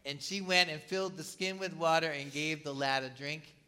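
A man's voice: on the high side, normal speed, bright, forceful tone, clean tone. A man preaching a sermon in a conversational way, with rhetorical questions and asides to the congregation. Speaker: pastor.

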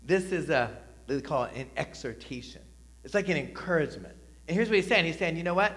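A middle-aged man preaching in a church, his voice sitting a little above the usual male pitch. He talks to the room in a relaxed, conversational way, pushing key words up with emphasis and tossing in quick "right?" checks. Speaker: pastor. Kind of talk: sermon. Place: church sanctuary.

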